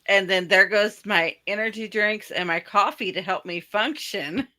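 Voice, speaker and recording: A woman's voice: mid-range voice, unhurried, sharp tone. A woman originally from the American South chatting on a podcast in a matter-of-fact way. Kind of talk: casual podcast chat.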